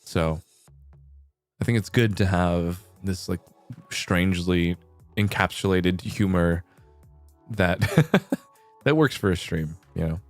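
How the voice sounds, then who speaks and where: A man's voice: low voice, slow, pauses often, no echo. A young man talks loosely into a close mic on a late-night stream. He rambles and restarts his sentences, with casual swearing throughout. The sound is dry, with faint music underneath.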